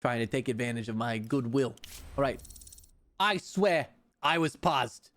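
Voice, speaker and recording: A young man streaming a game live, loud and excitable and swearing freely as he comments. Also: mid-range voice, unhurried.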